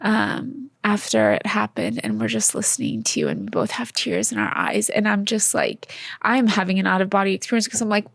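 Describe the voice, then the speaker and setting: A woman's voice: mid-range voice, lively intonation, brisk, vocal fry, a bit bright, no echo. A woman co-hosting a faith podcast, talking in an earnest, heartfelt way with many fillers. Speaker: podcast co-host. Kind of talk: casual faith podcast chat.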